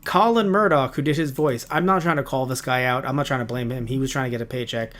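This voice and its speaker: A man co-hosting a casual review podcast, talking in an animated, rambling way with quick asides. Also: mid-range voice. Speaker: podcast co-host. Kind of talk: casual chat.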